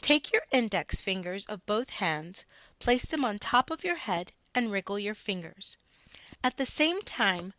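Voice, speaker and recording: A woman reading out a scripted phonics lesson as a reading teacher, slow and deliberate, stressing each sound for the learner. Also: medium pitch, bright, forceful tone, no echo.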